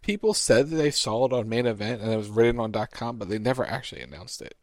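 Male host, brisk, directive, quick questions, dry sound. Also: medium pitch, animated, dry recording. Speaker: podcast host.

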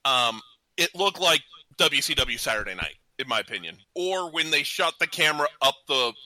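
A man's voice: a little high, animated, moderate pace, sharp tone, no echo, rough recording. A man co-hosting a casual wrestling talk show, rambling and self-deprecating. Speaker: co-host, the intern.

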